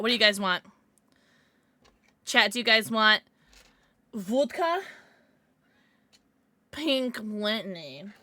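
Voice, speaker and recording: Een jonge vrouw die als streamer luchtig en giechelend met haar chat praat, met een heldere, levendige stem en een droge opname zonder galm. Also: female voice, mid-range voice, bright, forceful tone, dry recording. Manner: chatty and giggly, reacting to chat. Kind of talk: casual livestream chat. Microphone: desk microphone.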